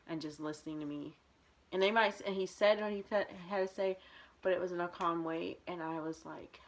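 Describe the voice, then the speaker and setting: A woman's voice: low-pitched, a little hiss or hum. A young woman vlogging, telling a personal story in a candid, rambling way with many fillers and restarts.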